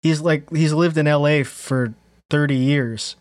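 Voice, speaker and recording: A man's voice: a little high, fairly even intonation, unhurried, no echo, studio quality. A man co-hosting a casual podcast, skeptical and full of questions. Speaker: podcast co-host. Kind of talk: casual film-review chat.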